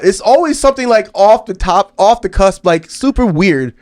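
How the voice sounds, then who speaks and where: Man, podcast co-host, high-ish voice, loose joking delivery, laughs a lot, dry studio sound. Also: lively intonation, normal speed, a little mellow, no room sound. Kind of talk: casual chat.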